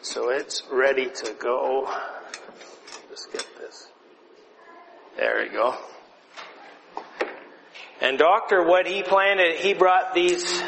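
A man telling a lively story to a group of children in a conversational way, showing objects as he goes. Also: on the high side, vocal fry. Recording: reverberant hall, faint noise.

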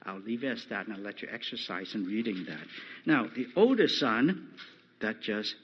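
A man preaching a sermon, slow and emphatic, rising loud when he quotes scripture. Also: on the low side, sing-song, highs cut off, a little hiss or hum.

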